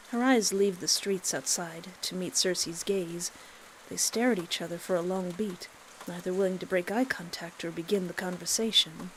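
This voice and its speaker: A woman streamer reading a visual novel aloud, breaking in with excitable, gushing asides. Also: fairly low pitch, moderate pace, a little hiss or hum. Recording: background game music.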